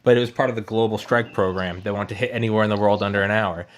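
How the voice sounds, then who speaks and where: A man's voice: on the low side, steady tone, fast. A man in casual chat, eager and swearing, with lots of agreeing and restarts.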